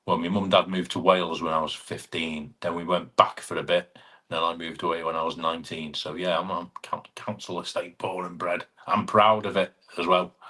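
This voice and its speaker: A man's voice: low-pitched, bright, forceful tone. A man hosting a casual live stream, greeting viewers by name and teasing them in friendly banter. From England (Chester).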